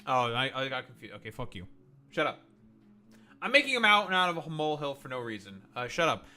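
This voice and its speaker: A man's voice: mid-range voice, very animated, a little fast, sharp tone, soft background music. A man streaming in casual chat, teasing and swearing freely. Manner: crude, teasing, swears a lot.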